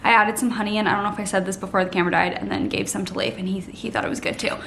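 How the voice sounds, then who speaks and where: A woman's voice: medium pitch, steady tone, rapid-fire, gravelly, roomy sound, distant mic, slight background noise, rough recording. Chatty young woman vlogging in her kitchen. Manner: chatty, lots of "like", trails off into soft murmurs while cooking. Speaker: lifestyle vlogger. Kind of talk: casual vlog chat. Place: home kitchen.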